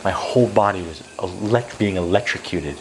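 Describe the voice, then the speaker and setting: A man's voice: deep voice, moderate pace, noisy background. A man on a vlog telling a personal story in an intense, rambling way, swearing freely as he goes. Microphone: close to camera.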